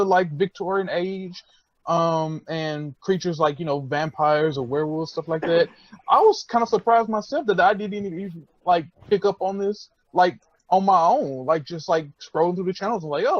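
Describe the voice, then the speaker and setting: A man with a rather high voice co-hosts a casual roundtable podcast, speaking frankly and rambling with lots of fillers and swearing. The recording is lo-fi with no echo.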